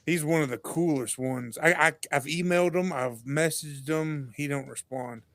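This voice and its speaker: A man's voice: a little high, normal speed, no echo. A man guesting on a podcast, chatting casually and acting out the voices in his stories. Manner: animated storyteller, acts out quotes. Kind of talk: casual chat.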